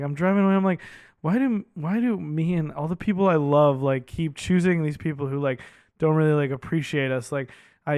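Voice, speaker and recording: A man co-hosting a movie podcast, talking casually and excitedly, peppering his speech with "like" and the odd swear. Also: on the high side, clear, resonant tone, no echo, studio quality. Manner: animated, heavy use of "like", swears casually. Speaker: podcast co-host.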